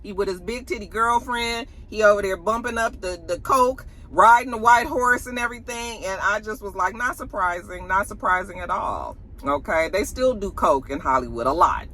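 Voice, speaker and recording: Sassy woman gossiping with bright voice. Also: mid-range voice, lively intonation, normal speed, few pauses. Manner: sassy, chatty, slangy asides to the audience. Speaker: celebrity gossip vlogger. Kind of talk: casual gossip chat to viewers.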